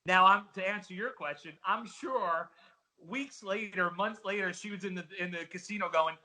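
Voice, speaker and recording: A middle-aged man with a New Jersey accent, an excitable storyteller giving an interview as a casino host trainer. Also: high voice, moderate pace, low-quality recording. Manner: excitable storyteller, calls listener buddy. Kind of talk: animated interview talk.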